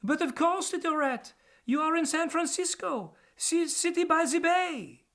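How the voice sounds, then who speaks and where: A man's voice: very high voice, expressive, unhurried, fairly bright tone, voice pushed up, heavily acted. A man voicing a gracious female sparrowhawk with a French accent in a storybook reading. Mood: charming. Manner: gracious and charming.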